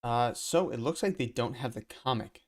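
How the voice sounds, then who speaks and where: Sitting at his computer with a desk mic, a man streams about crypto collectibles, rambling casually as he thinks aloud. His mid-range voice is expressive and paced normally.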